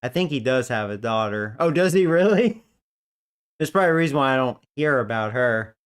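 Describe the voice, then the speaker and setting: A man's voice: medium pitch, animated, a little fast, smooth. A man casually commentating a video game, rambling and joking with frequent laughs. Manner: rambling, jokey, laughs often. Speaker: gaming streamer.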